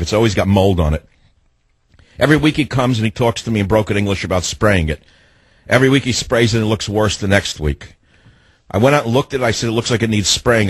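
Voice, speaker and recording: A man's voice: on the low side, husky, no room sound. A man hosting a talk radio show, telling stories with energy, ranting and acting out what people said. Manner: animated storytelling, ranting, acts out quotes. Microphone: studio microphone.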